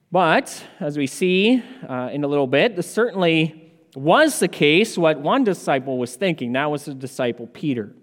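A man with a high, clear voice preaches an earnest sermon and draws out his key phrases. His words ring through the long reverb of a church sanctuary. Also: animated. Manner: earnest expository preaching, slows for emphasis.

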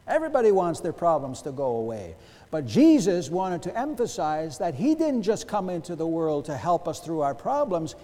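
A man preaching a sermon to his congregation, emphatic, with rhetorical questions and big swings between soft and loud. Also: on the high side, big pitch swings, normal speed. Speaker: pastor. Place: church sanctuary. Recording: long church reverb.

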